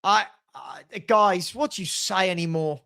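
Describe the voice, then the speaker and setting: Older male fan host, unhurried delivery, sarcastic exasperation with sudden shouted outbursts. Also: sits high, lively intonation, gravelly. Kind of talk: live football watchalong commentary.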